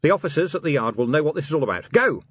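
A man voicing a gruff, harried male city watch commander who gives curt orders. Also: mid-range voice, big pitch swings, moderate pace, a bit bright, no room sound, lo-fi sound, pitched above the performer's own voice.

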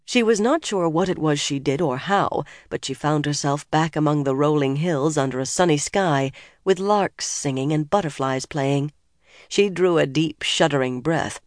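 An expressive audiobook narrator reads scripted narration in a medium-pitched voice at a moderate pace. The recording is dry.

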